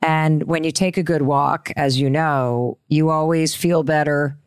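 A woman's voice: low voice, fairly even intonation, unhurried, smooth, no room sound, clean studio sound. A woman hosting a podcast, speaking in an encouraging, playful way and laughing easily. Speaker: podcast host. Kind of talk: podcast interview and sign-off.

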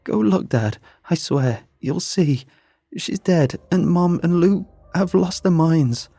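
A man voicing a frightened young woman who pleads and shouts in desperation. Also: mid-range voice, lively intonation, slow, vocal fry, breathy edge, no room sound, voice pushed up, heavily acted. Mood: panicked.

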